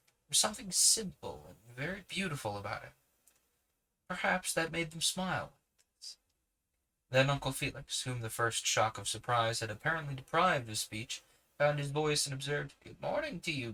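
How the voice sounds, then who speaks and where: Guy reading a kids' book out loud, crisp bright tone, mid pitch, relaxed asides. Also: low-quality recording. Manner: unhurried, with small self-corrections. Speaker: podcast host reading a book aloud. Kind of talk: reading a novel aloud with casual asides.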